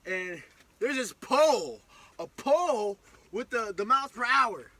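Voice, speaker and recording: A young man telling a storytime vlog in an excitable, slangy way, acting out the scene as he goes. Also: very high voice, unhurried, no echo. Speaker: vlogger. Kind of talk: animated storytime.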